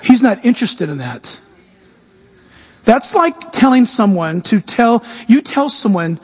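High-voiced preaching man in a reverberant hall. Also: very animated, unhurried, breathy edge. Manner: emphatic preaching, mixing humor with scripture. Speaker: pastor. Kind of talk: sermon. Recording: long echoing reverb of a large hall.

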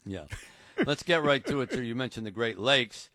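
A man hosting a comedy radio interview, asking brisk questions and playing it straight. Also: medium pitch, animated, bright, forceful tone, no room sound, clean studio sound. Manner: plays it straight, brisk questions, laughs along. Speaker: radio show host.

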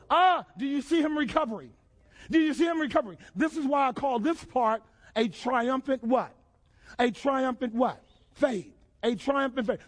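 A man with a strikingly high voice delivers a fervent sermon. He builds rhythmic repetitions and questions to the congregation, climbing into shouted emphasis. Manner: call-and-response preaching, rising to shouts. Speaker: preacher.

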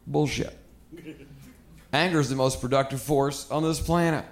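A man doing a stand-up routine, brash and profane, working himself up to shouts on stage. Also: medium pitch, steady tone, moderate pace. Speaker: stand-up comedian. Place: comedy club stage. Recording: roomy club with audience laughter.

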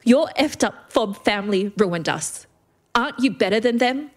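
A woman's voice: mid-range voice, expressive, slow pace, creaky. A woman reading a bitter young woman who seethes and hiccups as she pleads.

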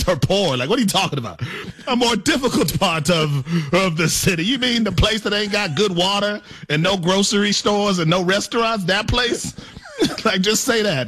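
A man co-hosting a sports radio show, animated and incredulous in casual banter. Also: fairly high pitch, slightly rough. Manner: animated, incredulous, laughs a lot.

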